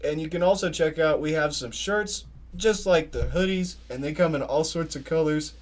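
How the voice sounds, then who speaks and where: A man's voice: fairly high pitch, moderate pace. A young adult man hosting a podcast, telling rambling stories in casual livestream chat and laughing often. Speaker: podcast host.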